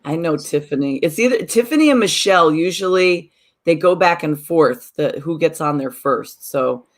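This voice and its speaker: A woman's voice: low-pitched, animated, moderate pace. A woman co-hosting a podcast and teacher of mindfulness workshops, telling a story in casual chat and acting out the people she quotes.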